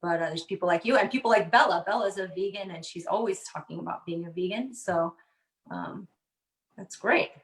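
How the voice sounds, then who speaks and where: A woman co-hosting a comedy talk show, asking questions in a relaxed, chatty way. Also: fairly low pitch, fairly quick, reverberant, low-quality recording. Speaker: podcast co-host. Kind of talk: casual chat.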